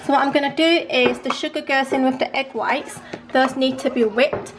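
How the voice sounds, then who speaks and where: Chatty high-voiced woman. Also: moderate pace, slight background noise. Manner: chatty, relaxed, often says um and like. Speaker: vlogger cooking at home. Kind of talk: casual chat. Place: home kitchen.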